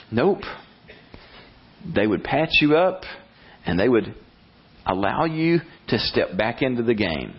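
A man preaching a sermon as pastor, animated and blunt, acting out prayers in a rising voice. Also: medium pitch, a little slow, pauses often, slightly rough, lo-fi sound.

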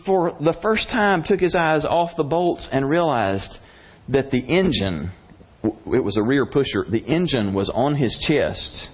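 A man preaching a sermon and telling a story in an animated way, his voice rising at tense moments. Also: mid-range voice, husky. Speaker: pastor. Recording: slightly dull lo-fi recording.

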